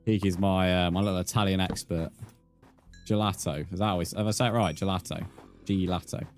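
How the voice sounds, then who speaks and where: With faint music playing behind him, a young streamer talks casually to his viewers, cursing freely and addressing them as mate. He has a low voice with fairly even intonation and a quick pace.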